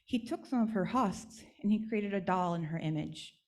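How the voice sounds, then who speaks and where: A woman's voice: medium pitch, animated, normal speed, a little mellow. A woman speaker at a church service, telling a traditional legend in an instructive, storytelling way.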